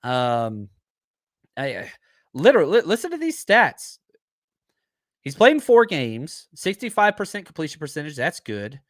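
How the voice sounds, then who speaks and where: A man hosts a live-streamed sports show, talking in a loose, animated way and thinking aloud between points. His voice sits a bit high for a man. The recording is dry and close, with no room sound. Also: a little slow, pauses often, no echo. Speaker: podcast host.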